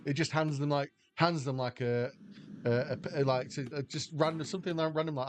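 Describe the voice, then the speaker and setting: A man's voice: medium pitch, quick pace, faint music behind. An English man livestreaming slots, chatting casually and rambling as he answers viewers' questions aloud. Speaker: slot livestreamer. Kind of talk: casual chat with stream viewers.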